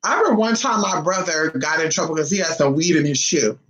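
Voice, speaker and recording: Man, high voice, sassy, profane, flamboyant, casual storytelling vlog. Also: lively intonation, fast, a bit bright, poor audio. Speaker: vlogger.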